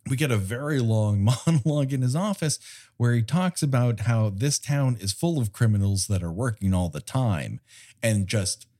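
A man co-hosting a casual film podcast, sarcastic and freely profane. His pitch swoops widely as he rants, sitting at an ordinary middle height. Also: lively intonation, normal speed, dark tone. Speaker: podcast co-host.

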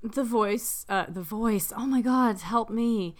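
A woman's voice: a little high, slow. A woman co-hosting a podcast in casual chat, reading out research notes, playful and laughing often. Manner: laughs often, playful, does silly voices. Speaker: podcast co-host.

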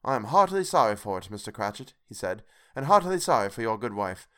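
A man reading an audiobook, voicing a gentle, earnest working father who speaks with tender emotion. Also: on the low side, very animated, fast talker. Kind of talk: audiobook character voice.

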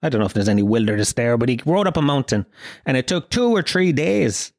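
A man's voice: medium pitch, lively intonation, fast talker, darkish tone, no echo, studio quality. Rambling Irish man hosting a comic podcast. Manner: rambling, profane, jokey storytelling. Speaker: podcast host. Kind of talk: comic monologue.

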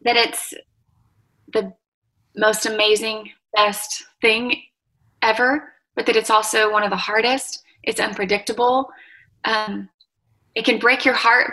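Woman, 30s, interview guest; gentle, reflective delivery, bright tone. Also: on the high side, little pitch movement, poor audio. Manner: soft-spoken, tender, reflective with pauses and fillers. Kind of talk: emotional interview conversation.

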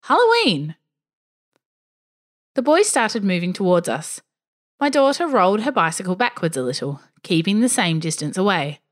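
A woman's voice: fairly low pitch, a little fast. A woman narrating a scripted first-person story with a dry, wry touch. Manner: expressive, dryly wry first-person telling.

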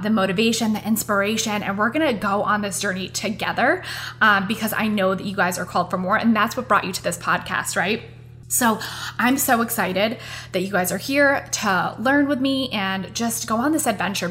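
Talking earnestly and chattily to the "you guys" listening, a woman hosts her own casual motivational podcast. Her voice is mid-range and a bit bright, and there's a little hiss or hum on the recording.

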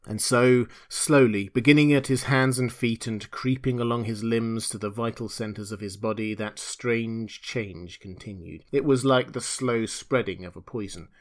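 A man reading a classic novel aloud in measured, dramatic storytelling narration. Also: medium pitch, fairly even intonation. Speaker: audiobook reader.

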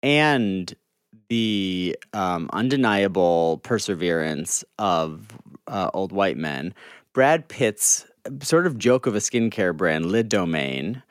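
A man co-hosting a podcast teases his partner and reads news items aloud with wry asides. His voice is somewhat low and is recorded dry and close. The talk stays loose and conversational. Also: animated, slow, no echo. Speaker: podcast co-host. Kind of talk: casual chat.

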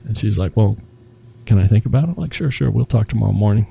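Mellow-voiced man telling work stories. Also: on the low side, fast talker, creaky, husky. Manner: animated storyteller acting out quoted dialogue. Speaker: restaurant executive guest. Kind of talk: casual interview storytelling.

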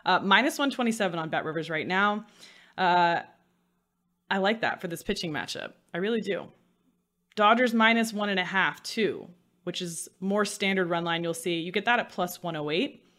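A woman's voice: on the low side, normal speed, fairly bright tone. A woman hosting a sports betting podcast alone, chatty and self-mocking with dry sarcasm. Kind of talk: solo podcast talk.

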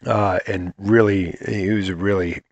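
A man's voice: low-pitched, steady tone, measured pace, dry recording, muffled recording. A man telling a rambling, profane story in a casual chat, acting out what others said. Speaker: guest.

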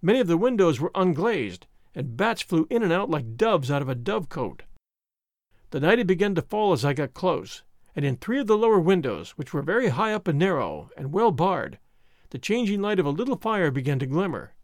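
Expressive male audiobook narrator. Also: fairly high pitch, no echo, clean studio sound. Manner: measured storytelling, voicing the characters. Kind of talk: scripted narration.

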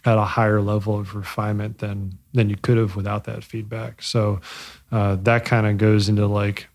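Man, low gravelly voice, flat delivery, halting reflective interview answers. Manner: halting, many fillers and restarts; reflective, searching for words. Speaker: bike company co-founder. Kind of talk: casual interview.

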